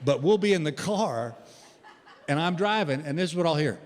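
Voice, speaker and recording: An older male stand-up comic performs on a theater stage at a moderate pace, his voice on the high side. He tells stories animatedly and speaks to the audience, and the recording carries long reverb with faint noise.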